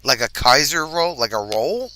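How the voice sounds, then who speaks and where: Bright, chatty man with a lively voice. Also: on the high side, normal speed. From New Jersey, near New York. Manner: chatty, laughs often, trails off mid-sentence. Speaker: livestream host. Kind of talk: casual chat. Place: RV campground, livestream.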